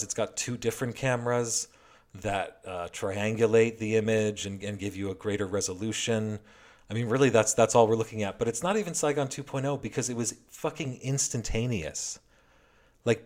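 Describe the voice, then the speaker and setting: A man giving a heated, heavily profane and sarcastic political commentary rant. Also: fairly low pitch.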